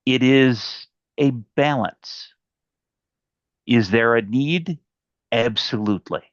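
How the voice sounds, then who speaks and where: A man voicing a poised noblewoman viceroy making her case in a debate, with a measured, deliberate delivery over a dull lo-fi mic. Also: mid-range voice, no room sound, lightly acted. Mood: earnest, measured.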